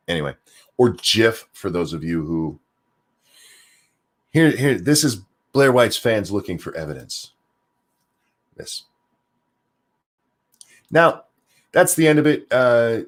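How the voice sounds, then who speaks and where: Hosting his own show, a commentary streamer with a mid-range voice delivers a casual rant. He is sarcastic and swears freely, and repeats words often as he gets worked up.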